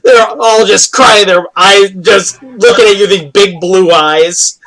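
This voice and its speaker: A game master narrating a tabletop game, loose and animated, laughing often. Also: medium pitch, takes it slowly, rough recording.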